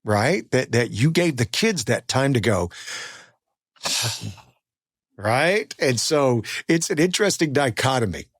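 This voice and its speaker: A man's voice: medium pitch, lively intonation, slow pace, husky, dry recording, studio quality. A man hosting a podcast, telling stories in a casual, self-deprecating way and acting out the voices of people he quotes. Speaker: podcast host. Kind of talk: casual conversational storytelling.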